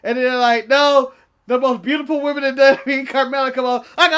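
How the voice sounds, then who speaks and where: A high-voiced man telling a story on a casual podcast. He is animated and profane and laughs often. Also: a little fast, clear, resonant tone. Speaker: podcast co-host.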